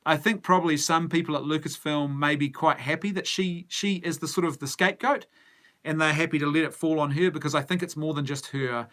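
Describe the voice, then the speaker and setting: A man's voice: a little high, fairly even intonation, fairly quick, fairly bright tone. A middle-aged man with a New Zealand accent hosts a casual movie news stream, musing as he answers viewer comments. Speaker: movie news show host. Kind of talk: casual live-stream chat.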